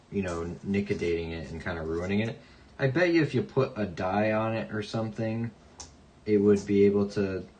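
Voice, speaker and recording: Young male stream host, low-pitched; relaxed, jokey, murmurs dates while sorting. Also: slight background noise, low-quality recording. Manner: mutters coin dates softly, chatty asides to viewers. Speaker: coin collecting livestream host. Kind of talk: casual live chat.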